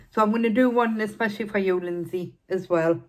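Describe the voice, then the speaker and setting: A woman's voice: mid-range voice, normal speed, a little mellow. A middle-aged woman chatting casually to her viewers between bites of food. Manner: chatty, eating between sentences. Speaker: mukbang vlogger. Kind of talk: casual chat while eating.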